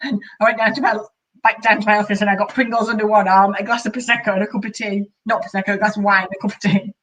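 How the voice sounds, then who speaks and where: A woman's voice: mid-range voice, flat delivery, racing, a bit bright, recorded from a distance, poor audio. A younger woman co-hosting a casual live chat over a video call, frank, laughing and self-mocking. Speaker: co-host.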